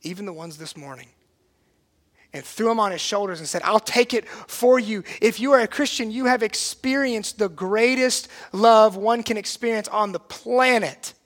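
A man preaching a sermon as pastor, earnest and emphatic, swinging from hushed, quiet lines to loud, forceful ones. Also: high-pitched, normal speed.

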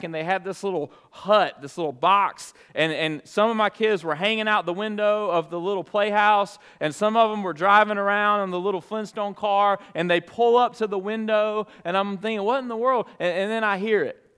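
Pastor, middle-aged man from Alabama, earnest conversational sermon delivery, fairly high, resonant voice. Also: steady tone, moderate pace, hardly any pauses, smooth. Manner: earnest, conversational preaching, hushed in prayer.

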